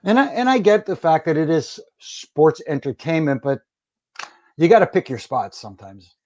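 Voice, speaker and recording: A man's voice: fairly high pitch, sing-song, moderate pace, a little mellow. Plainspoken man on a dull line. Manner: frank, plainspoken, with frequent restarts. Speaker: guest, former wrestling referee. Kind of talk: casual interview chat.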